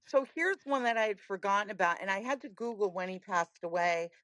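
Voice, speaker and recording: A woman guest on a chat podcast, telling animated stories with lots of emphasis. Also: medium pitch, fairly quick, dry recording. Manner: lively storyteller, animated and emphatic. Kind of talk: casual chat.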